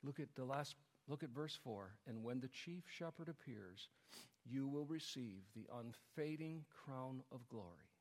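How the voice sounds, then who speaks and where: A man preaching a sermon to his congregation, building to emphatic, forceful passages. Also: medium pitch, animated, a little slow. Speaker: pastor. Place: church sanctuary. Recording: church hall with long reverb.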